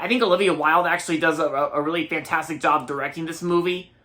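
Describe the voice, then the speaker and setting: A man's voice: a little high, bright, forceful tone. A young man in his early twenties from Maryland, giving a rambling, casual movie review and often repeating himself. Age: early 20s.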